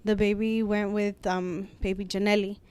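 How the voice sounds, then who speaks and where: A woman's voice: mid-range voice, flat delivery, moderate pace, a little mellow, clear, resonant tone, no room sound. A young adult woman talking as a guest, telling a personal story frankly, swearing freely and mixing in Spanish phrases. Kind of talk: casual heartfelt storytelling.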